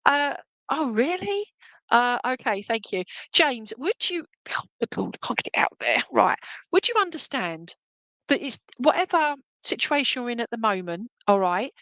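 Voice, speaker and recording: A woman giving a psychic reading live, gentle and reassuring, halting and checking in with tag questions. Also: a little high, expressive, vocal fry, no echo. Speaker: psychic medium. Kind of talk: live spirit reading for viewers.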